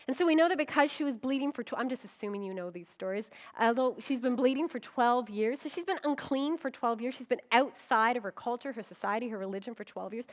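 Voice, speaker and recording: Lively woman pastor preaching with humor. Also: sits high. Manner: animated storytelling, acting out quoted voices; humorous, with frequent laughs. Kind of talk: conference sermon.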